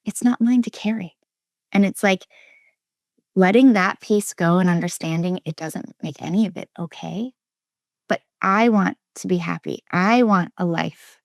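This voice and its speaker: A woman from Minnesota, a guest and relationship coach, telling her personal story in an interview. She speaks earnestly and emphatically, restarts often, and drops to a soft near-whisper at heavy moments. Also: fairly low pitch, a little slow, vocal fry, no room sound, clean studio sound. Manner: earnest and emphatic, with frequent restarts and quoted inner voices.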